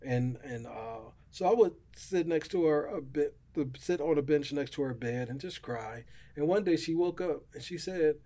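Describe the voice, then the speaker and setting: A man's voice: a little high, moderate pace, dark tone. A middle-aged man telling his personal faith testimony as a podcast guest, in an earnest, emotional way.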